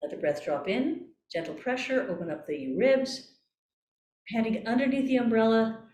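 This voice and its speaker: A woman voice coach calmly guiding a breathing exercise, repeating gentle cues. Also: a little high, normal speed. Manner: calm, coaxing, repeats cues. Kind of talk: guided breathing exercise instruction. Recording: echoey room.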